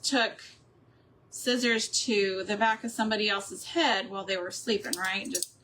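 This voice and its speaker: A woman's voice: mid-range voice, steady tone, moderate pace, bright, forceful tone, slight background noise. A middle-aged woman hosting a crafting video, chatting casually with viewers as she works, rambling and laughing often. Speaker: craft and homemaking channel host. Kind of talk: casual chat while crafting, answering live chat.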